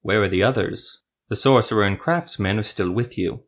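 A man voicing a calm, composed male rebel priest leader who speaks in measured tones. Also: lowish voice, close to an everyday voice.

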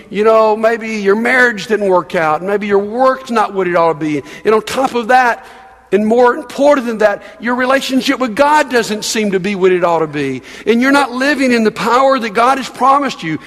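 A man's voice: high-pitched, lively intonation, moderate pace, a bit bright. An older man, a pastor with grandchildren, preaching a sermon in a conversational way, asking the congregation questions and repeating words as he goes. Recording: long reverb of a large hall.

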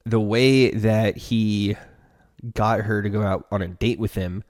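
A man's voice: lowish voice, steady tone, unhurried, darkish tone, no echo, studio quality. A man hosting a relationship podcast, giving earnest, casual advice straight to the listener.

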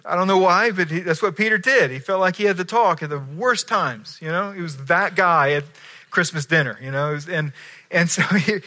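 Man, pastor, sermon, bright ringing tone, slightly high voice, storytelling, shifts loud to soft. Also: moderate pace. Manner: animated storytelling, acting out voices with swings from loud to hushed.

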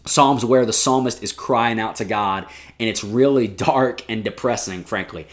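A man's voice: lowish voice, normal speed. Chatty male youth pastor. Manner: energetic, chatty, many fillers like "man" and "like". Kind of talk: casual devotional talk.

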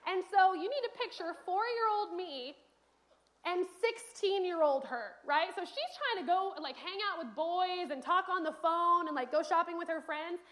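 A young woman with a very high voice preaches to a congregation. She tells her stories in an animated way and acts out the voices in them. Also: normal speed. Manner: animated storytelling, acts out quotes. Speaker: speaker giving a church message. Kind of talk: sermon.

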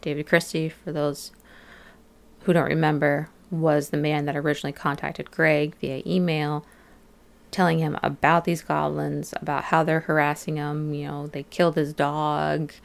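Low gravelly-voiced woman chatting. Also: flat delivery, normal speed. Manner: chatty, many fillers, acts out quotes of locals. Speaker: podcast co-host. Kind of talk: casual podcast recap.

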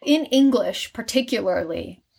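A woman's voice: mid-range voice, unhurried, gravelly. A woman who acts Shakespeare, talking casually and explaining her craft with many fillers. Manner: chatty, animated, many fillers. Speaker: Shakespeare actor, guest. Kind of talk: casual conversation.

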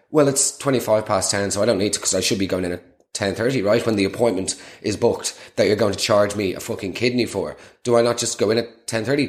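A man's voice: mid-range voice, lively intonation, fast. A young man delivering a sweary, mock-outraged comic rant as host of a comedy podcast. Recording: echoey room.

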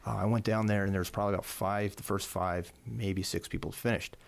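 A man's voice: lowish voice, fairly even intonation, brisk, vocal fry. A middle-aged man, a course instructor, casually telling a long story, rambling and repeating words, his voice rising when he quotes himself.

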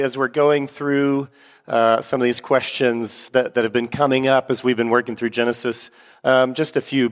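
A man preaching a sermon as pastor, talking casually with fillers and restarts, then reading scripture. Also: medium pitch. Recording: echoey hall.

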